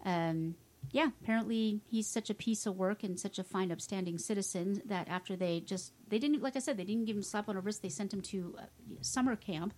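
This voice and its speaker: A woman's voice: mid-range voice, a little fast, darkish tone. A woman co-hosting a podcast, reading out crime stories with wry, sarcastic asides in casual chat. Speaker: podcast co-host.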